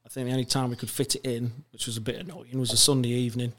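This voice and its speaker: A man's voice: medium pitch, level tone, rapid-fire, a bit bright. A man, a podcast guest telling rambling anecdotes with many fillers and restarts. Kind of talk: casual chat, telling anecdotes.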